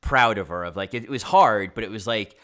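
Guy talking movies, low voice, says like a lot, restarts. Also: brisk, a bit bright. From United States. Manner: chatty, many filler "like"s and restarts. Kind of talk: casual film discussion.

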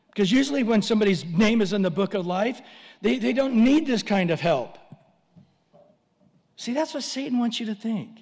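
A man's voice: high voice, expressive, moderate pace, long pauses, a little mellow, big-room sound. A man preaching a sermon, telling a story animatedly and acting out voices.

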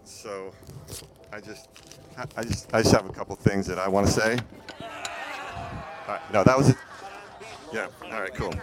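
A man's voice: on the low side, normal speed, long pauses. Joking man officiating an outdoor wedding. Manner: relaxed, joking, with restarts. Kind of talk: ceremony hosting. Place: outdoor desert gathering. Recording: outdoor event with steady background noise.

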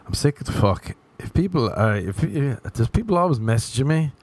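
A man's voice: medium pitch, very animated, brisk, a little mellow. A young man delivering a rambling, profane comic monologue, sarcastic and laughing at his own jokes.

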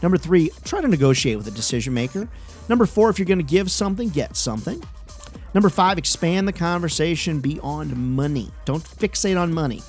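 A man hosting a sales training podcast, talking in an energetic, upbeat and conversational way. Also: fairly high pitch, a little fast, faint music behind. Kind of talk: solo podcast talk.

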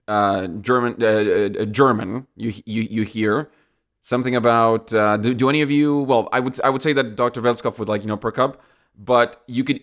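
A man as game master narrating a tabletop game, halting with lots of restarts. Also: on the low side, a bit bright. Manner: halting, many restarts and fillers.

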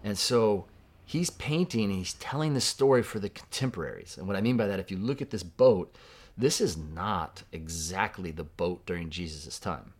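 A deep-voiced man preaching a sermon. He talks in a conversational way and asks his congregation questions as he goes. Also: moderate pace. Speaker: pastor.

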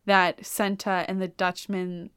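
A woman hosts a podcast in a chatty, animated way, walking through an opera story with plenty of "like". Her voice is smooth and clear. The sound is dry and close to the mic. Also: mid-range voice, takes it slowly, dry recording. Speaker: podcast host. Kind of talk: casual retelling of an opera plot.

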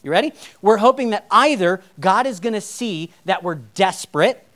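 A man with a fairly high voice preaches in an easy, chatty way. He drops wry jokes between his points. It sounds like a pastor talking to his congregation. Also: expressive, normal speed, a bit bright. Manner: conversational, with wry humorous asides. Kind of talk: sermon.

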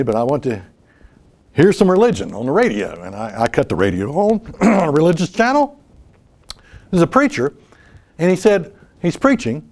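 Animated preacher man, high lively voice. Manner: emphatic, rhetorical questions, swings between loud and hushed. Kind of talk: sermon.

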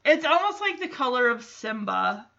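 A woman's voice: high-pitched, sing-song, normal speed, creaky, sharp tone, highs cut off. A woman hosting a podcast, recapping a TV episode in a chatty, amused way with frequent laughter. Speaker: podcast host.

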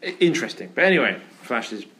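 A man's voice: medium pitch, sing-song, fast talker, sharp tone. A man hosting a casual podcast chat in an office, telling a rambling story with plenty of fillers. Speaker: podcast host.

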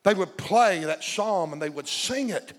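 A man's voice: sits high, expressive, measured pace. A man preaching a sermon with passion, calling out to his congregation and drawing responses from them. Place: church sanctuary. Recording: long reverb of a large hall.

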